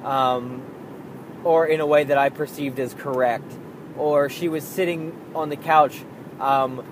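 A man's voice: a little high, fairly even intonation, measured pace, background noise. A young man talking candidly about being a parent, swearing freely and acting out his own frustrated outbursts. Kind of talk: casual monologue.

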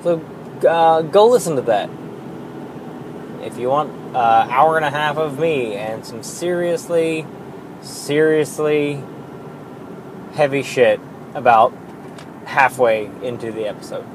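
A man hosting his own podcast alone, rambling in a casual, self-deprecating way with lots of fillers and the odd swear word. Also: mid-range voice. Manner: slow and drawn-out. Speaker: podcast host. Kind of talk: casual solo podcast monologue. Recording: noisy background hiss.

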